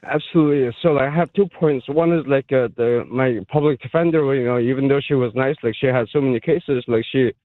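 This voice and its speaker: A man calling in to a radio show, telling his story haltingly with many fillers. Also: medium pitch, no room sound. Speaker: caller. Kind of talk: call-in radio chat. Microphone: phone. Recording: tinny phone line.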